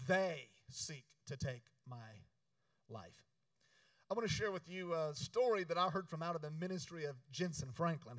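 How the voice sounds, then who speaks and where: A man preaching a sermon, urging the congregation to repeat after him and switching between loud exhortation and quiet storytelling. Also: high-pitched, dry recording, distant mic, low-quality recording. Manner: emphatic, call-and-response preaching. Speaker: pastor.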